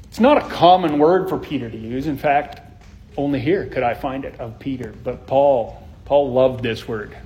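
A man's voice: mid-range voice, moderate pace, dark tone, a little hiss or hum. Earnest man preaching a verse-by-verse sermon. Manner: earnest, explanatory, restarts phrases. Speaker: pastor. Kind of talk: expository sermon.

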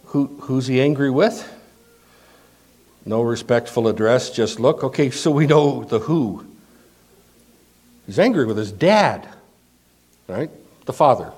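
A pastor delivering a sermon at a slow, deliberate pace. He leans on rhetorical questions, pressing some points loudly and dropping to a hush for others. His voice sits at an ordinary pitch for a man. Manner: emphatic, rhetorical questions, swings from loud to hushed.

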